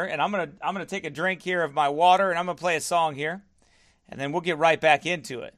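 A man's voice: on the high side, fast, fairly bright tone. A man pastoring a livestream, firmly answering viewer comments and repeating himself for emphasis. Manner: firm, defensive, repeats himself.

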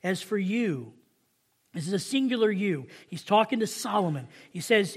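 Preaching with a Southern accent, a man reads scripture slowly and emphatically before shifting into casual talk with his congregation. His voice is high, expressive, and slightly rough.

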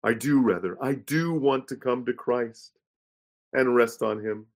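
Guy doing a dying woman, slow halting words, pleading, a bit higher than his own voice. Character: dying young woman, penitent, then peaceful.

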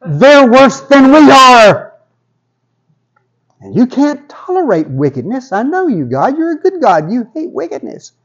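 A man's voice: very animated, unhurried, fairly bright tone, muffled recording, exaggerated voice. A man voicing an anguished ancient prophet who cries out to God in complaint. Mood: pleading. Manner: pleading, exasperated, high-pitched outcry. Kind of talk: dramatized scripture paraphrase in a sermon.

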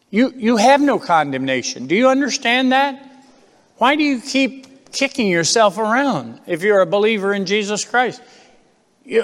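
A man with a notably high voice delivers an impassioned sermon from the pulpit. He presses listeners with rhetorical questions and repeats phrases for emphasis. His words trail into the long reverb of a large church hall. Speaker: preacher.

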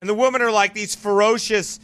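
A man's voice: sits high, fairly even intonation, a little fast, fairly bright tone, clear, resonant tone. A male pastor preaching in a combative, mocking, emphatic way. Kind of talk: fiery preaching broadcast.

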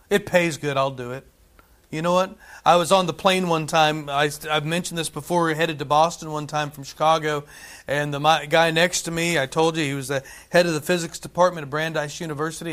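A man preaching a sermon in a conversational way, often checking in with "right?" and dropping from loud to hushed. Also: on the high side. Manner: conversational, frequent "right?" asides, swings between loud and hushed.

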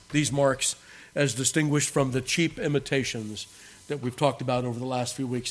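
Man, pastor, sermon, slightly high voice, emphatic, loud and hushed by turns.

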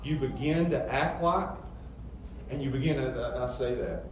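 A man's voice: medium pitch, lively intonation, moderate pace. Man preaching in an echoey church. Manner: emphatic preaching, rising loud on rhetorical questions. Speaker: pastor. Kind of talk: sermon. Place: church sanctuary. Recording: very echoey church hall, distant mic, faint noise.

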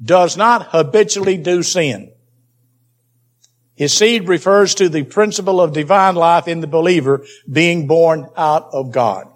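High-voiced man preaching emphatically. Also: a little slow. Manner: emphatic, repeats key phrases for stress. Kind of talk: Bible teaching sermon.

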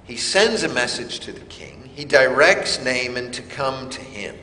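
A man preaching a sermon, slow and emphatic with dramatic pauses. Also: medium pitch, animated, sharp tone, reverberant, in a large hall, slight background noise. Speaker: pastor.

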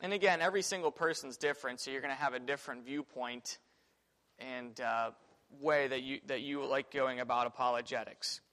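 A man's voice: medium pitch, brisk, sharp tone. A man teaching a church Sunday school class in a casual, conversational way, thinking aloud with fillers and restarts. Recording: reverberant room.

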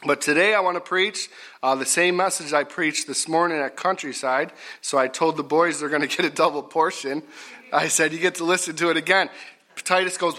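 A middle-aged man preaching a folksy sermon, repetitive and rising to loud emphatic bursts. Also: fairly high pitch, moderate pace.

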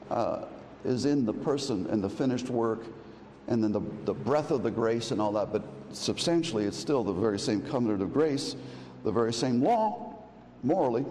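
Preacher with a mellow voice in a reverberant hall. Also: male voice, medium pitch. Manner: halting restarts, rising to emphatic declarations. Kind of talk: expository sermon. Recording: long reverb in a hall, faint ambient noise.

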